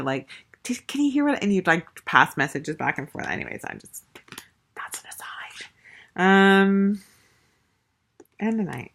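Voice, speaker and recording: In a casual show-and-tell review, a woman gushes chattily about a tarot deck, with lots of fillers and restarts. Her voice is deep and creaky, yet a bit bright.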